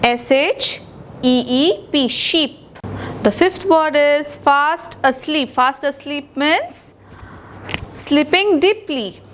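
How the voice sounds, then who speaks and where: A woman teacher with an Indian English accent reads a children's lesson in a high, bright voice. She talks very slowly and deliberately, spelling words out letter by letter. Faint noise sits under the recording. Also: animated.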